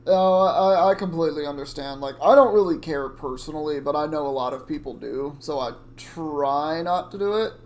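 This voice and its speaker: A man's voice: fairly high pitch, moderate pace, few pauses, darkish tone. A man streaming a video game, chatting casually and reacting aloud to what happens on screen. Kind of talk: casual gameplay commentary. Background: game music.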